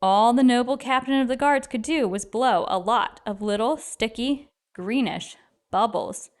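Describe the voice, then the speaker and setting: A woman narrating a children's book aloud, expressive and lively. Her voice sits a little high for a woman, with a storyteller's animated pacing. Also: a little slow.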